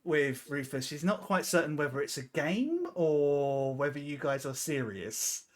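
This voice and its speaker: Relaxed tabletop game master narrating. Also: medium pitch, measured pace.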